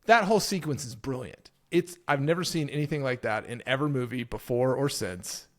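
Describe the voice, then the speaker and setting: A man's voice: mid-range voice, brisk. A man co-hosting a podcast in casual chat, enthusiastic and swearing freely. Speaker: podcast co-host.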